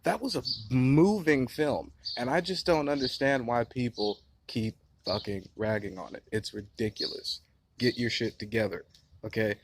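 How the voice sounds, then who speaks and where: A man's voice: mid-range voice, moderate pace, a little hiss or hum. Late-twenties man, mid-range voice, rambling heated outdoor movie rant. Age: late 20s. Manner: passionate, profane, rambling. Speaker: movie reviewer. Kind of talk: casual rant-style review. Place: outdoors near a beehive.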